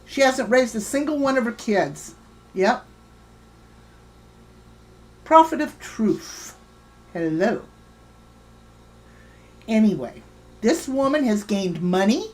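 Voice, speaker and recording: A woman's voice: fairly high pitch, lively intonation, slow, long pauses. Heated woman ranting to her livestream chat. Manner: heated, swearing, greets chat viewers by name. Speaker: livestream host.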